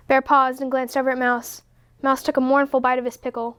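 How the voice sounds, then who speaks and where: A woman reading a children's picture book aloud in a slow, expressive way. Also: sits high, clear, resonant tone. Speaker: story reader. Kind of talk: storybook read-aloud.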